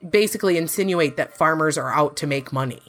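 A woman hosting a casual podcast chat, talkative and quick to laugh, often restarting her sentences. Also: sits low. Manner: chatty, laughs easily, rambling restarts. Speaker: podcast host; works in farm market analysis.

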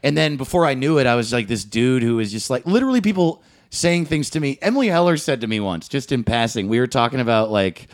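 A man's voice: mid-range voice, fast. A man, a comedian guest on a podcast, talking candidly and rambling with frequent swearing. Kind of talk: casual comedy podcast chat.

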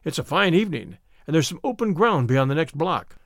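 A man's voice: fairly high pitch, sing-song, brisk, gravelly, no room sound, clean studio sound. A man reading a story aloud, voicing a bold, defiant young man who protects the woman he loves.

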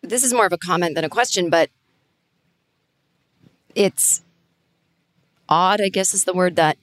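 A woman's voice: fairly low pitch, unhurried, fairly bright tone, dry recording. A woman hosting a podcast, chatting informally and thinking aloud with plenty of fillers. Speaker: podcast host. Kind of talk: casual conversational interviewing.

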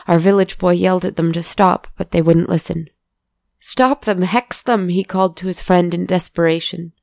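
A woman narrating a story in a soft, deliberate way. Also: lowish voice, vocal fry, no room sound, studio quality.

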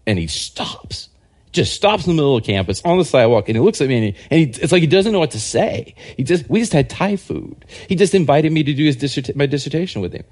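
A man, a historian and scholar, giving a casual podcast interview and telling rambling, animated anecdotes. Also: a little high, fast talker. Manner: rambling, animated anecdotes that act out quoted people. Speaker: guest historian and religious scholar.

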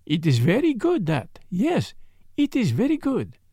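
Brief: reader as courteous elderly detective, gentle, gravelly edge, dry mic. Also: male voice, high-pitched, wildly swooping pitch, a little slow, dry recording, exaggerated voice. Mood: earnest. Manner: gentle, formal phrasing. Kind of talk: audiobook character reading.

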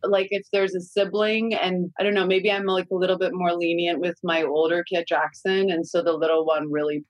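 Middle aged mom chatting on a podcast, blunt, cusses a lot, flat dry sound. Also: female voice, lowish voice, a little fast, hardly any pauses, no echo, rough recording. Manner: candid, casual swearing, chatty asides. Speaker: guest, mother of young kids. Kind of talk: casual podcast chat.

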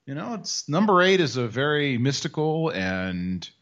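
A man's voice: fairly high pitch, big pitch swings, fairly bright tone. A man co-hosting a podcast, joking in a wry, casual chat. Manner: wry, joking, drawn-out explanations. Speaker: podcast co-host. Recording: dull lo-fi podcast audio.

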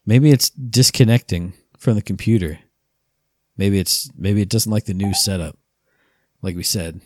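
A man's voice: lowish voice, a little slow, a little mellow, no room sound, studio quality. A man chatting and joking with a friend over a headset, swearing and breaking into sing-song bits. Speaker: streamer in a voice chat. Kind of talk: casual chat with a friend.

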